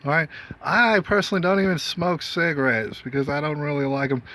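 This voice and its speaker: A man's voice: a little high, brisk, pushed and bright. Rambling man in a casual monologue. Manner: meandering, frequent fillers and rhetorical questions. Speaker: host.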